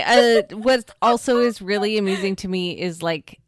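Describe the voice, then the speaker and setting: A woman co-hosting a podcast in relaxed casual chat, laughing easily. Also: medium pitch, moderate pace, no echo, clean studio sound. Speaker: podcast co-host.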